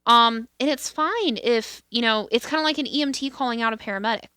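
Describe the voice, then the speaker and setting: A woman's voice: on the high side, brisk, sharp tone, clear, resonant tone, no room sound, studio quality. A woman co-hosting a podcast in casual, candid chat, swearing freely and restarting her sentences often. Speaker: podcast co-host.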